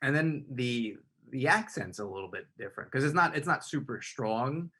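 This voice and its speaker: A man with a husky voice runs the interview. He asks long, winding questions and keeps restarting his sentences as he goes. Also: mid-range voice, expressive, moderate pace, pushed and bright. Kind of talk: conversational interview.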